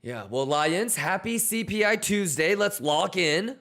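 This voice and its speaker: His voice is high, animated, and a bit bright, delivered unhurriedly over a little hiss or hum. He hosts a trading livestream in casual chat, bluntly and profanely coaching viewers on discipline, motivating them, and reading their questions aloud.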